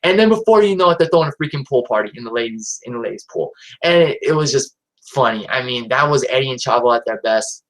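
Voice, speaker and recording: A man's voice: mid-range voice, expressive, fast talker, low-quality recording. A man hosting his own live stream, talking casually and hesitantly with lots of fillers and restarts. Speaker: channel host.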